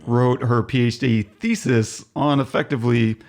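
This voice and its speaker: A man's voice: mid-range voice, fairly even intonation, moderate pace, creaky, darkish tone. A man hosting a podcast, chatting casually and making dry, wry remarks.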